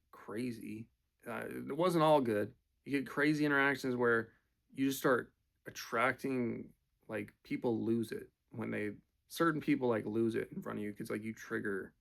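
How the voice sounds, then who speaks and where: A man's voice: medium pitch, vocal fry. A man telling casual, profane, rambling stories, full of fillers. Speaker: storyteller. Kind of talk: casual storytelling.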